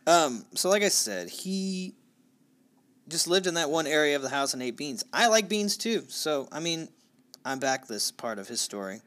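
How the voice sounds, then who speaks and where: A man's voice: a little high, very animated, normal speed. Casual profane male podcast host. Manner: loose and profane, with dark jokes. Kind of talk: casual true crime podcast chat.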